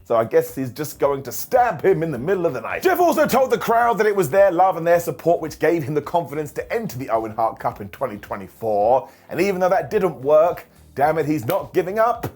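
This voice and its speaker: A man's voice: on the high side, sing-song, fairly quick, few pauses, a little mellow, faint music behind. A man recapping a wrestling show in a comedic, jokey way, often putting on silly voices for the wrestlers and laughing between lines.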